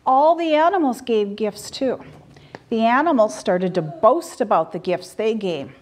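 A woman telling a story to a group of children in church, animated and full of questions for them. Her voice sits fairly high and she talks at an unhurried pace. Her tone stays lively and engaged throughout.

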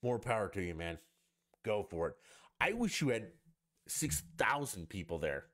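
A man's voice: on the low side, sing-song, moderate pace, a bit bright. A man hosting a solo podcast, ranting in a profane, sarcastic and rambling way. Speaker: podcast host.

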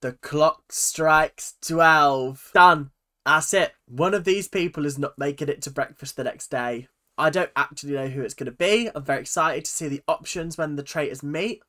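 A YouTube host giving casual, animated reaction commentary with frequent laughs and exclamations. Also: mid-range voice, a little fast.

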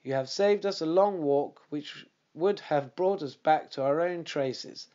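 A man reading an audiobook, voicing a sharp, confident male detective who speaks crisply and with command. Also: on the high side, unhurried, highs cut off, lightly acted. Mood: assured.

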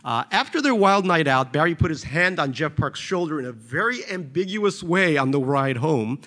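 A man's voice: on the high side, expressive, moderate pace, fairly bright tone. A man reading from his novel in a dry, wry storytelling manner. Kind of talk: audiobook-style literary reading.

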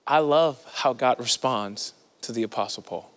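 A man's voice: mid-range voice, fairly quick, in a large hall. A man preaching a sermon in a conversational, playful way with slangy asides, recorded in a church sanctuary.

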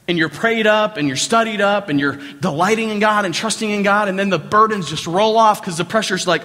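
In a church sanctuary full of long hall reverb, a pastor with a Southern American accent delivers a conversational sermon, repeating himself and questioning the congregation. He speaks at a moderate pace in an animated, pushed, bright voice on the high side.

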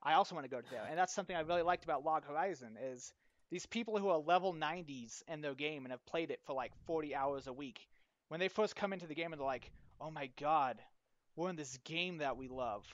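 Animated young man, dull dry mic. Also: a little high, quick pace, dry recording. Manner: animated, swears casually, acts out quotes. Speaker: podcast co-host. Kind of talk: casual podcast chat.

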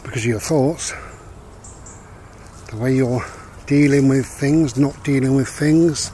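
A man in a middle-range voice talks through life advice in a loose, rambling way, circling back to repeat his main points. He sounds reflective and unhurried. He is recording while out walking a dog, with a faint hum of outdoor ambience behind him. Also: medium pitch, warm tone. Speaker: vlogger giving life advice. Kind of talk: casual rambling monologue.

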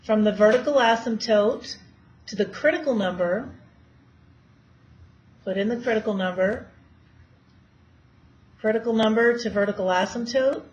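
Asking her students questions as she works problems, a woman math teacher gives a classroom lecture. Her voice is mid-range with a darkish tone. Faint hiss runs through the dull, lo-fi recording.

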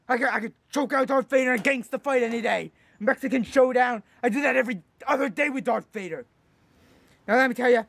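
A man's voice: very high-pitched, creaky, a bit bright, dry recording, exaggerated voice. A man playing a hot-tempered, boastful eighty-year-old food reviewer who rambles and rants, repeating himself as he goes. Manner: rambling, ranting, repeats "let me tell you something". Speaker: comedy YouTuber in character. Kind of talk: comedic character monologue.

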